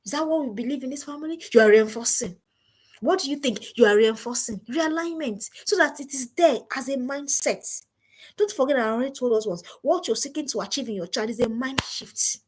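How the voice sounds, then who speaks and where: A woman's voice: high voice, a little fast, a little mellow, husky. A middle-aged woman gives an emphatic live-stream parenting talk, repeating her key phrases. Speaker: parenting coach. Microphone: home streaming setup.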